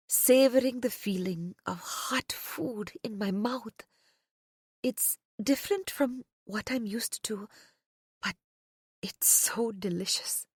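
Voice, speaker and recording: A soft-spoken woman narrating a first-person romance audiobook, often dropping to a whisper. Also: mid-range voice, husky, dry recording, clean studio sound.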